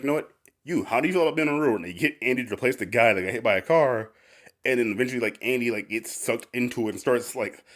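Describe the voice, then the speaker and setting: A man hosting a podcast, casually recapping a cartoon, rambling with constant "like"s and frequent laughter. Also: mid-range voice. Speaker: podcast host.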